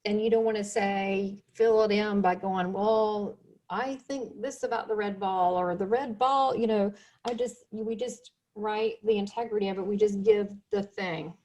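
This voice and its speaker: A middle-aged woman hosting a casual interview, telling lively stories and laughing often. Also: mid-range voice, measured pace, dull audio. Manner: animated storyteller, laughs often. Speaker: host.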